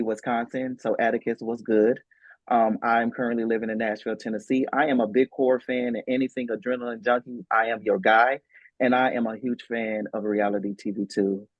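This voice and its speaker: A man's voice: mid-range voice, dry recording, dull audio. A male contestant on a video call introducing himself with swaggering, slangy self-hype. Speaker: game contestant.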